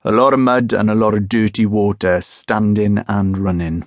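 A man narrating a first-person crime novel audiobook in a wry, measured, deadpan manner. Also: on the low side, dry recording, clean studio sound. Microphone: close studio mic.

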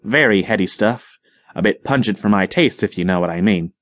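A man's voice: on the low side, brisk, fairly bright tone, no echo, lightly acted. A man voicing a grandiloquent, professorial older colony leader who talks in a rhetorical, dramatic way.

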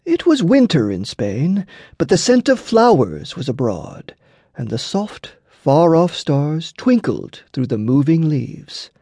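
A man narrating an audiobook story in an unhurried storytelling manner. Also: on the high side, big pitch swings, mellow, breathy edge, no room sound, clean studio sound. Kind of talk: scripted narration.

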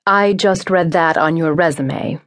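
Brief: composed senior businesswoman, even and kind but firm, read by a woman narrator. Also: sits low. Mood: measured. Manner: calm, measured, gently firm. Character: poised, silver-haired woman boss, composed and kind.

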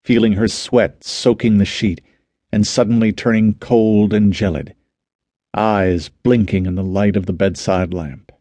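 A man reading a novel aloud as the narrator, in a measured, even manner. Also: on the low side, no room sound. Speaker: audiobook narrator. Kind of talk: scripted narration.

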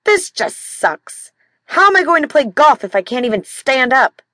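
A woman's voice: high-pitched, big pitch swings, moderate pace, no room sound, clean studio sound, pitched above the performer's own voice. A woman narrator voicing an impatient adult man who is hurt and snaps through gritted teeth. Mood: pained, irritable.

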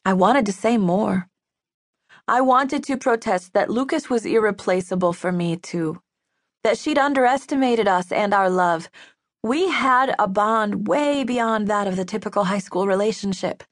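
A woman narrating a novel in the first person, even and measured, recorded in a studio booth. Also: medium pitch, no room sound. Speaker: audiobook narrator. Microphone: studio microphone.

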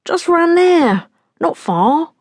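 A woman's voice: sing-song, takes it slowly, darkish tone, dry recording, clean studio sound, full character voice. A woman narrator voicing a frightened young man with a strained, panicky voice in an audiobook. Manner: high-pitched, strained, panicky.

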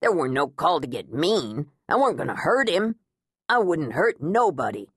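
A woman's voice: sits low, big pitch swings, normal speed, slightly rough, no room sound, clean studio sound, full character voice. A woman voicing a scrappy teenage boy burglar who speaks in ungrammatical, defensive phrases. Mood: sulky.

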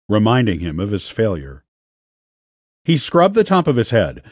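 A man reading a thriller audiobook as narrator, with an expressive delivery. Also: lowish voice, husky, no room sound, studio quality. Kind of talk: scripted narration.

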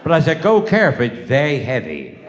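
A man's voice: medium pitch, wildly swooping pitch, fairly quick, very noisy. An older man with a West Country accent telling rambling, bawdy stand-up stories on a live stage, full of "I said, she said.". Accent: West Country English. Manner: rambling bawdy yarn-spinning with repeated "I said, she said". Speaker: stand-up comedian.

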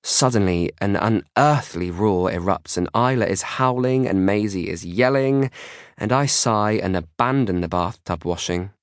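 A man with a very low voice reads a children's story in a steady, storytelling way. He is recorded close on a studio microphone, and the sound is very dry with no room in it. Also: a little slow, no room sound. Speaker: audiobook narrator. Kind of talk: scripted narration.

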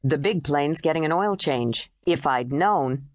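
Female narrator playing a kind, steady male pilot, pitched lower, dry close read. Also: unhurried, dry recording. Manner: steady, gentle and low-key. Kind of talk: audiobook character voice.

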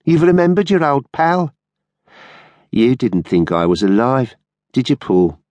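A man's voice: sits low, a little slow, a little mellow, no room sound, highs cut off. A man voicing a nervous, sneering small-time ex-convict who sounds breathless as he jeers. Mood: mocking.

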